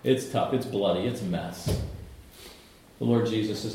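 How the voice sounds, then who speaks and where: A middle-aged man preaching a sermon, telling the story in an animated way, with humor and asides to the congregation. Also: fairly low pitch, normal speed, pauses often, a little hiss or hum. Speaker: pastor. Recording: echoey church hall.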